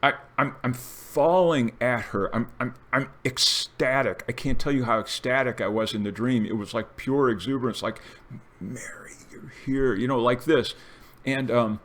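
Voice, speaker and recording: An older man in a casual, rambling monologue, telling a dream story with restarts and animated bursts. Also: medium pitch, moderate pace. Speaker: video essayist.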